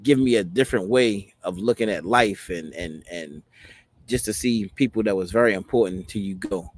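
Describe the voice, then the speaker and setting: A man's voice: on the low side, moderate pace. A man in his forties telling a personal story in a rambling way, filling it with many "you know what I mean" asides. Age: 40s. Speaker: host.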